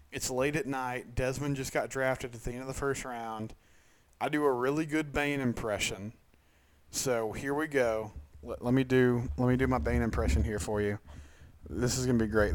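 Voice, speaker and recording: A man's voice: mid-range voice, slight background noise. A man hosting a solo sports podcast, talking casually with enthusiastic, chatty, self-mocking energy.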